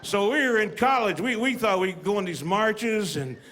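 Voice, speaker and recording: High-voiced man doing stand-up comedy. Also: moderate pace. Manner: storytelling, acts out voices, deadpan punchlines. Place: comedy stage with live audience. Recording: live audience, noisy room.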